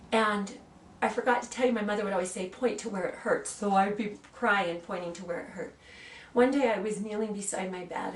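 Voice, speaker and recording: A woman in her sixties, an aromatherapy practitioner, who gently demonstrates oils and tells personal stories in a soft, earnest way. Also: mid-range voice. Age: 60s. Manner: soft, earnest, reads blessings slowly. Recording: roomy sound from a distant mic, faint ambience.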